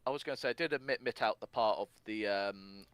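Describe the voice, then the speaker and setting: Low-voiced laughing man, dry sound. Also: quick pace, fairly bright tone, clear, resonant tone, no echo. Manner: laughs often, rambling with fillers. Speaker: podcast co-host. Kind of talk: casual chat.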